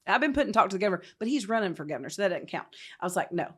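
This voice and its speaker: Animated woman telling a story. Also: medium pitch, racing, husky. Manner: animated, acts out quotes, emphatic. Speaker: nonprofit founder, guest. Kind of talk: storytelling interview.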